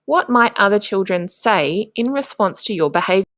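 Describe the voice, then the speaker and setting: A woman, a primary school teacher, narrating a lesson for young children in a slow, encouraging way with clear prompts to the class. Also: medium pitch, expressive, fairly bright tone, dry recording, studio quality.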